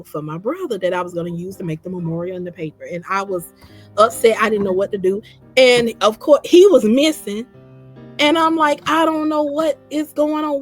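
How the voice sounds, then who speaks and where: A woman recounting her own story in casual conversation, repeating phrases and quoting herself. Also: mid-range voice. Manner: animated, repeats phrases, quotes herself in dialogue.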